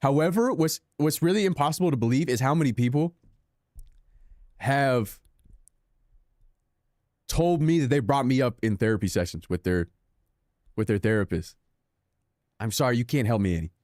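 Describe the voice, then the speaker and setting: Here a young man with a darkish, medium-pitched voice talks at normal speed, pausing often, as he streams a racing game. He chats to his audience sarcastically, running himself down and wandering off topic. Dry, studio-quality recording.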